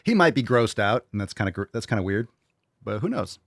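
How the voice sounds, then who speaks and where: A young man hosts a live podcast, tossing out jokes and irreverent asides between viewer questions. His voice sits low, and the sound is close and dry with no room around it. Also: expressive, dry recording. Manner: joking, irreverent, quick asides and put-on voices. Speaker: podcast host.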